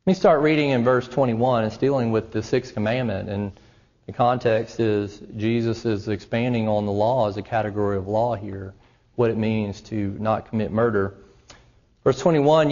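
A man's voice: medium pitch, normal speed, darkish tone, big-room sound, lo-fi sound. A man preaching a sermon, reading scripture aloud and explaining it with rising earnestness. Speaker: pastor.

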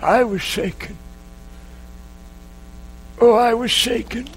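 A man preaching a sermon, telling a story in an earnest, emotional way with dramatic pauses. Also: very high voice, fairly even intonation, a little hiss or hum, low-quality recording.

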